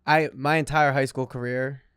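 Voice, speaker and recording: A man's voice: medium pitch, steady tone, moderate pace, fairly bright tone, clear, resonant tone, dry recording, studio quality. A young man co-hosting a casual podcast, replying in an easygoing, agreeable way. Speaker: podcast co-host. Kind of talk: casual chat.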